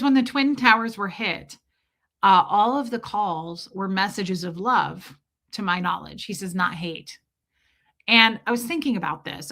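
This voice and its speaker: Bright-voiced chatty woman streamer. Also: medium pitch. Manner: chatty, rambling, animated storytelling. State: voice a bit worn from screaming. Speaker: livestream host. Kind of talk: casual chat with viewers.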